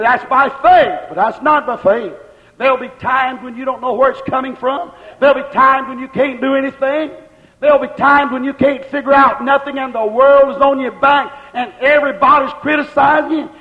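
A man preaching a sermon, slowing down and shouting at the high points. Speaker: pastor. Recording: reverberant church, dull lo-fi sound.

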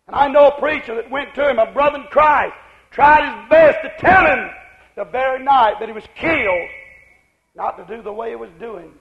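A man preaching a fiery revival sermon, shouting in a chanting cadence, on a muffled lo-fi recording. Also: very high-pitched, moderate pace, gravelly.

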